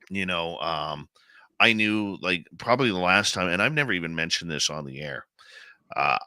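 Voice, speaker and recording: A man's voice: low-pitched, sharp tone, smooth, dry recording, studio quality. A male radio host, emotional and heartfelt as he shares a personal story in conversation. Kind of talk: conversational interview.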